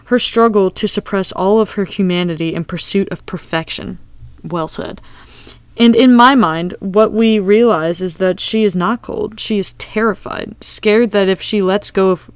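A woman's voice: mid-range voice, smooth, no echo. A woman in casual podcast chat, recapping TV scenes and reading quotes aloud. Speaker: podcast co-host.

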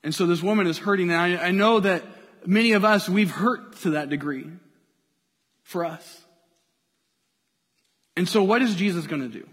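A male pastor preaching with a notably high voice, playful and engaging as he pulls the congregation along. His words ring out with a long church-hall reverb. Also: moderate pace, long pauses. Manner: lively, playful, draws the congregation in. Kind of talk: sermon.

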